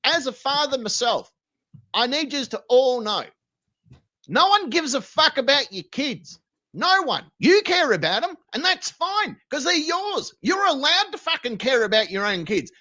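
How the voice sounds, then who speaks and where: Rowdy Australian man, lively crude rant. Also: unhurried. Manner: profane, rowdy, swings between loud rants and low mumbles. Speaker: streamer reacting to videos.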